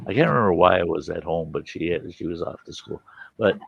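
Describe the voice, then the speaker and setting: Gravelly low-voiced man telling a story. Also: brisk, no room sound, lo-fi sound. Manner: animated, acts out voices of family members. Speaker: host. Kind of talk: casual storytelling.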